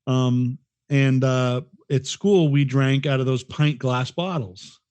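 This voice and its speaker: A man's voice: medium pitch, fairly even intonation, takes it slowly, darkish tone, clear, resonant tone, no echo. A middle-aged man co-hosting a podcast, chatting casually and reminiscing in a rambling, profane way. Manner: profane, rambling, restarts often. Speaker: podcast co-host. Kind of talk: casual chat.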